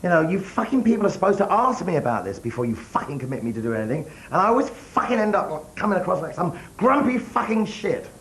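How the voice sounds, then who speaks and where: An actor playing a temperamental, foul-mouthed pop star in a spoof documentary, from a noisy old TV broadcast tape. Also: male voice, mid-range voice, lively intonation, moderate pace, natural voice. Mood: furious. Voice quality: foul-mouthed, theatrical tantrums. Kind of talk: sketch comedy.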